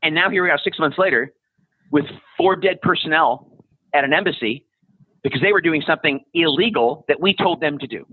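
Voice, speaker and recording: A man in his fifties, a podcast guest, ranting bluntly in casual conversation, profane and sarcastic, often mocking people in high-pitched put-on voices. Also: fairly quick, breathy edge, dry recording. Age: 50s. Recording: tinny phone-like line.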